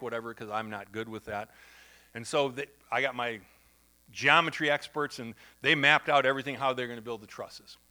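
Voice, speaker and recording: A man's voice: a little high, pushed and bright. A middle-aged man, who may be a pastor, giving a conversational sermon, telling stories and acting out the voices of the people in them. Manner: conversational, anecdotal, acts out quoted voices. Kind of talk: sermon storytelling.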